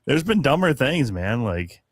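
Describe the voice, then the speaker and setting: A man's voice: medium pitch, big pitch swings, measured pace, dry recording, clean studio sound. A man co-hosting a podcast, ranting profanely in casual sports chat and laughing often. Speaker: podcast co-host.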